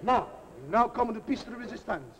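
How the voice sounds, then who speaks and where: A very high-pitched man plays a boisterous, middle-aged Italian cook in a live TV comedy sketch, speaking at a moderate pace over a noisy crowd. He's excitable, mixing broken English with Italian-sounding double-talk in a mock-Italian style. The 1949 television recording is scratchy and hissy.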